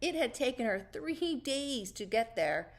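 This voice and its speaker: A woman reading a children's story aloud, slow and unhurried. Her fairly high voice rises and falls widely in a sing-song, expressive way.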